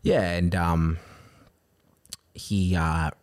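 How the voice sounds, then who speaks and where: New guy with a real low voice, cursing and laughing in a loose chat, dry close sound. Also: extremely slow, no echo. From New York. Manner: profane, animated, laughs often. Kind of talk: casual chat.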